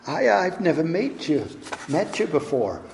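A kindly farmer asks gentle, puzzled questions in a slightly raised voice, as a preacher acts him out. A long reverb from a large hall trails each phrase. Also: male voice, fairly high pitch, big pitch swings, measured pace, gravelly, a little hiss or hum, pitched above the performer's own voice, exaggerated voice.

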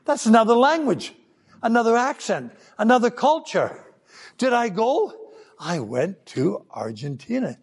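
A man's voice: very high-pitched, measured pace, breathy edge, in a large hall. An older man preaching a children's sermon, telling stories and acting out voices. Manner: animated storytelling, acting out voices.

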